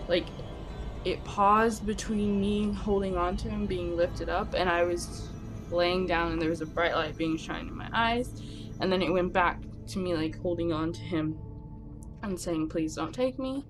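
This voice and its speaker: A young woman telling a personal story on her vlog, speaking quickly and nervously with animated emphasis. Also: fairly low pitch. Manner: talks fast when nervous. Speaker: vlogger. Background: music.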